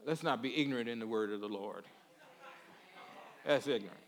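A man's voice: mid-range voice, a little fast. A man giving a conversational sermon in a folksy way. He repeats words and keeps checking in with his listeners. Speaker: preacher.

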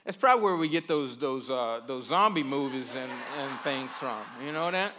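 A man's voice: medium pitch, expressive, normal speed, bright, forceful tone, slight background noise. A man giving a conversational sermon in a folksy way. He repeats words and keeps checking in with his listeners. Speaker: preacher.

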